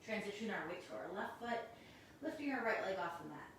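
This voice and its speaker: A woman teaching a guided yoga class, giving calm, encouraging cues while doing the poses and a little out of breath. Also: mid-range voice, brisk, heavy reverb, distant mic, a little hiss or hum, rough recording. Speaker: yoga instructor.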